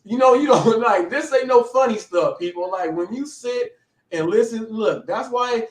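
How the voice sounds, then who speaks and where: A man's voice: very high-pitched, normal speed. Rambling male host in an echoey room. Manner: rambling, slangy, hesitant. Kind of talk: casual live-show interview. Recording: echoey, distant from the mic.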